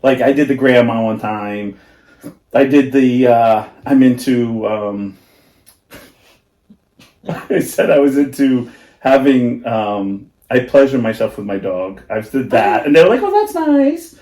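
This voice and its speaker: A man's voice: medium pitch, unhurried, mellow. A man co-hosting a casual podcast, telling rambling stories full of fillers and frequent laughter. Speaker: podcast co-host. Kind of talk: casual chat. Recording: echoey room.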